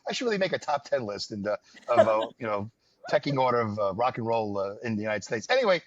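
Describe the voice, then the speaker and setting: Fast-talking and sing-song, a medium-pitched podcast host from the New York area rambles through wry stories in casual chat, using many fillers. The recording is dull, lo-fi, and dry, with no echo.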